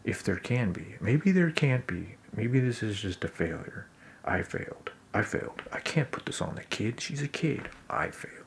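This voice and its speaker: A man talks over his own footage in a very low, gravelly voice, wry and hard on himself. He often slips into whispered asides. A faint hiss sits underneath. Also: very animated, normal speed. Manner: self-critical, wry, drops into whispered asides. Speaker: commentator on his own scene. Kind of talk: self-critical commentary voice-over.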